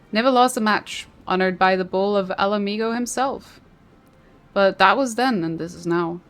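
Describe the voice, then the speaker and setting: A woman's voice: mid-range voice, close to an everyday voice. A woman voicing a grim, plain-spoken male veteran gladiator in a game, reading his lines steadily and earnestly.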